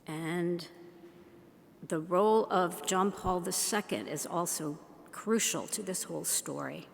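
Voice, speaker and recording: A woman giving an unhurried, teacherly talk to an audience, asking them questions as she goes. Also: on the low side, creaky, slight background noise. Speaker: speaker. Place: large shrine hall. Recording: long hall reverb.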